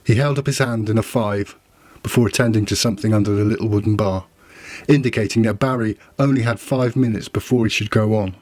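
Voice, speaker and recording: A man's voice: on the low side, fairly quick, a little mellow, no room sound, soft background music. A man narrating a novella trailer with dry, wry storytelling. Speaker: audiobook narrator. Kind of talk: scripted narration.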